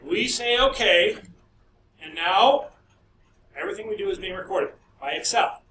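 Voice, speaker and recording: A man's voice: high voice, moderate pace, bright, forceful tone. A middle-aged man, a professor, lecturing a class in a chatty way, with storytelling asides. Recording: echoey classroom, distant mic, faint noise.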